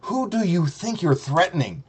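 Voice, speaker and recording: A man's voice: high-pitched, animated, normal speed, a crowd in the background. A man streaming a profane, mocking rant, heated and sarcastic. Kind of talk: ranting commentary.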